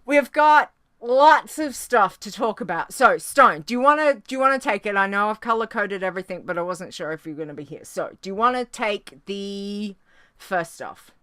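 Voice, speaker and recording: A woman's voice: mid-range voice, lively intonation, normal speed, a bit bright, no echo, clean studio sound. A woman hosting a podcast in casual chat, bubbly and chatty, with cheery exclamations. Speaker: podcast host.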